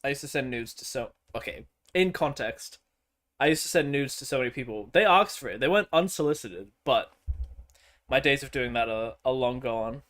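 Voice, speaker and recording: A man's voice: mid-range voice, moderate pace, a bit bright. A man streaming and chatting casually over gameplay, rambling and swearing freely. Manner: rambling, crude and profane.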